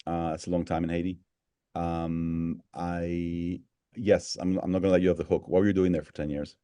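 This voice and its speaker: Deep, dark-voiced man hosting a video call. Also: level tone, moderate pace, smooth, dry recording. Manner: rambling, warm-hearted, many restarts and fillers. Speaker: host of an online town hall. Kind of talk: casual live video-call talk.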